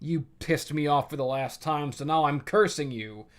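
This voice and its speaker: A man's voice: fairly high pitch, normal speed, natural voice. A man voicing a crude, irritable male sky god in a profane, mocking way. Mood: scornful.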